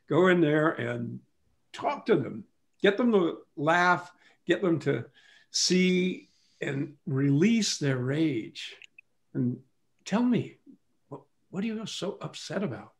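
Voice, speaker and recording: A man's voice: on the high side, lively intonation, takes it slowly. A man from England, a business leader on a panel, giving advice in a conversational way, often saying "you know".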